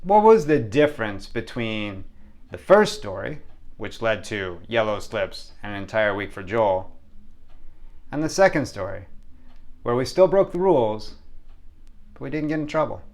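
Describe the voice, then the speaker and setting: A man from San Diego telling a personal childhood story with a moral, in a lively way, sometimes hushed and sometimes excited. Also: fairly low pitch, a little slow, long pauses. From San Diego, United States. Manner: lively, hums sound effects, shifts from hushed to excited.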